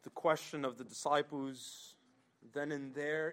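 A man preaching from the pulpit in a slow, deliberate sermon. His voice sits a little high for a man. He swings from ringing emphasis down to hushed, low passages. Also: fairly even intonation. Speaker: pastor.

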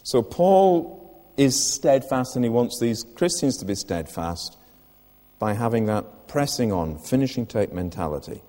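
A man's voice: medium pitch, animated, a little slow, mellow, in a large hall. An older man preaching a sermon in church, earnest, putting direct questions to the listeners.

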